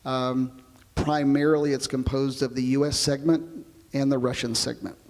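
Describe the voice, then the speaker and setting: Gravelly man telling space stories. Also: medium pitch, moderate pace, in a large hall. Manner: relaxed storytelling, explains with comparisons. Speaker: astronaut interviewee. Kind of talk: oral history interview.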